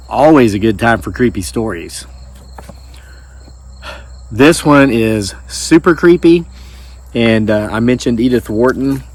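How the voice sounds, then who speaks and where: A man hosting his channel, reading viewers' ghost stories aloud outdoors in a folksy, informal way. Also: medium pitch. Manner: folksy, informal, with fillers and restarts. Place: outdoors in the woods.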